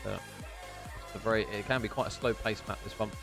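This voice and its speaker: A young man giving live esports play-by-play as a caster, chatty and quick to banter between rounds. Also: on the low side, steady tone, vocal fry, over music.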